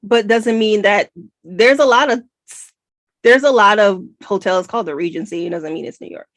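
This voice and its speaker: An American woman co-hosting a book podcast, talking in a chatty, animated, digressive way. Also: mid-range voice, normal speed, no echo. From United States. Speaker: podcast co-host. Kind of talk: casual book review chat.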